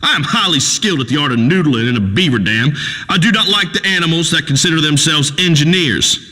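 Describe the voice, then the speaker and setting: A man's voice: a little high, lively intonation, brisk, sharp tone, in a large hall. An actor playing a crude, preachy rural male talk radio host who rambles and pontificates in a folksy way. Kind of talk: radio call-in show acting.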